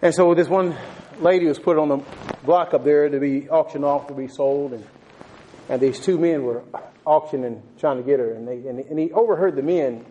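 A man's voice: fairly high pitch, normal speed, mellow, lo-fi sound. A man preaching a sermon and telling a story, talking fervently with frequent stumbling restarts, throwing in "man", and asking the listeners questions.

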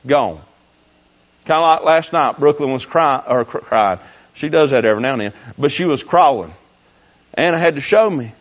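A man preaching a fiery sermon, swinging between shouting and hushed tones. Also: medium pitch, lively intonation, moderate pace, highs cut off. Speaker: pastor.

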